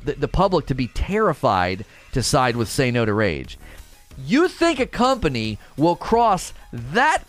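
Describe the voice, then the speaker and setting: Animated, ranting young male streamer. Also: on the high side. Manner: animated, indignant ranting with mocking quoted voices. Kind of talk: casual livestream rant.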